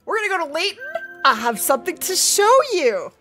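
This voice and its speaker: A woman's voice: very high voice, sing-song, fairly quick, a bit bright, faint music behind. A woman hosting a casual gaming livestream, chatting with viewers by name while she has the hiccups. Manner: chatty, greets viewers by name, laughs often.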